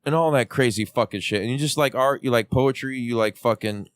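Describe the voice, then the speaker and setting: A man hosting a wrestling podcast, joking around with loud, profane hype. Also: medium pitch, fairly quick, no room sound. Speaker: podcast host. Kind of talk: rowdy casual chat.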